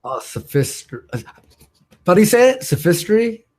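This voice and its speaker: Man, livestream host, profane, joking, self-mocking, slightly high voice. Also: moderate pace. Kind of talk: casual livestream chat.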